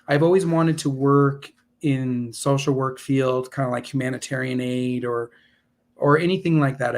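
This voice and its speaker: Earnest man rambling through his story. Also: medium pitch. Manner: earnest, speaks in rambling restarts. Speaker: podcast guest. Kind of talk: casual interview storytelling.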